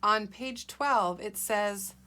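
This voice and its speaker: A woman's voice: mid-range voice, slow, bright, forceful tone, slight background noise. A woman teacher leading a guided reading lesson for young children, patient and encouraging, sounding out letters and words.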